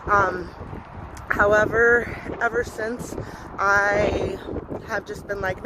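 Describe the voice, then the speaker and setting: A woman in her twenties giving a candid vlog update outdoors, talking fast and loud, blunt and swearing a lot. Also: medium pitch, steady tone. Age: 20s. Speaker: vlogger. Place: outdoors on a windy day. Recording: wind noise on a phone recording.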